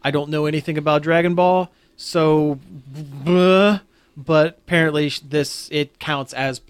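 An upbeat man hosts a casual podcast chat and keeps the talk moving. His voice sits a little high. The recording is dry and close. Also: little pitch movement, normal speed, clean tone, dry recording. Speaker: podcast host.

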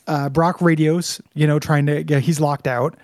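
A man co-hosting a podcast, recapping an episode in a relaxed, casual chat and laughing often. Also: on the high side, normal speed, no room sound, studio quality. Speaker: podcast co-host.

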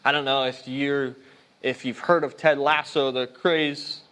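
A man's voice: medium pitch, fairly even intonation, a little slow, fairly bright tone, clean tone. A man preaching a sermon as pastor, earnest and conversational, often restarting his sentences. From United States.

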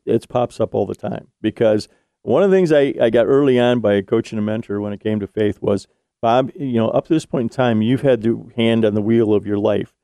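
Middle-aged male host, mellow dark tone, upbeat and affirming, dry studio sound. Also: lowish voice, smooth, dry recording. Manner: enthusiastic, affirming interviewer. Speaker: podcast host. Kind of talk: casual faith conversation.

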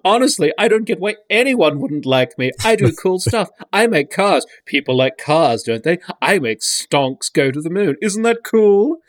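A man's voice: big pitch swings, moderate pace, few pauses. A man putting on a whiny needy billionaire. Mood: whiny pleading. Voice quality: high, pleading, needy. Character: whiny self-pitying billionaire man craving approval. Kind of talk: comic reading aloud.

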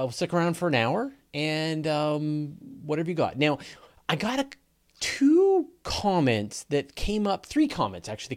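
A man's voice: medium pitch, darkish tone. A man with a Canadian accent hosting a casual live question-and-answer show, talking in a rambling way with lots of fillers and restarts. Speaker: host.

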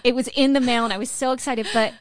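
A woman co-hosting a podcast, telling stories in casual chat, excitable and giggly. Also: a little high, quick pace, no echo, clean studio sound. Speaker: podcast co-host.

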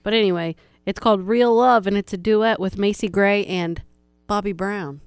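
A woman's voice: mid-range voice, fairly even intonation, moderate pace, smooth, no echo. A woman co-hosting a podcast, chatting in a playful, teasing way. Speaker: podcast co-host. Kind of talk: casual chat.

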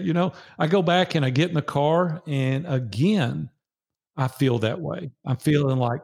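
An older man with a Southern drawl talks through a personal story as a podcast guest. His voice carries a gravelly edge, and he leans on repetition to drive points home. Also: fairly high pitch, unhurried, darkish tone. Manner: earnest, repeats phrases for emphasis. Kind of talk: casual storytelling interview.

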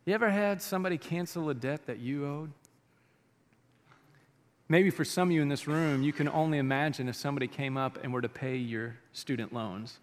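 A man preaching a sermon, animated, swinging between loud bursts and hushed lines. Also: on the high side, fairly quick. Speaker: pastor. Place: church auditorium. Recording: long reverb of a large auditorium.

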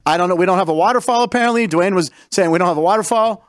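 Quick talking high voiced guy hosting a show, jokey and excited, dry sound. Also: no echo. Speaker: host. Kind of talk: casual chat show hosting.

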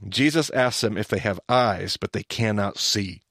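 A man hosts a podcast, teaching through casual chat as an animated storyteller who acts out the lines he quotes. His fairly low voice runs at normal speed, in a dry, studio-quality recording.

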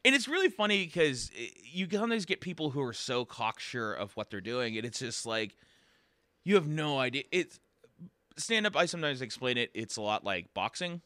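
A man's voice: mid-range voice, sing-song, normal speed, pushed and bright, no echo. A man, a comedian and open mic host, chatting casually on a podcast and rambling with lots of fillers. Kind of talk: casual podcast chat, storytelling.

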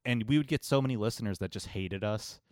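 A man's voice: lowish voice, fast, darkish tone, no echo, clean studio sound. Sarcastic, rambling podcast co-host man. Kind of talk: casual chat.

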